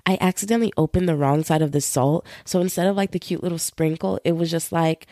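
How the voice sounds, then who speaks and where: Chatty young woman with gravelly low voice. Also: fast talker, no room sound, clean studio sound. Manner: chatty, playful, animated with voices for roommates. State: feeling unwell. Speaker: podcast host. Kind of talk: casual solo podcast chat.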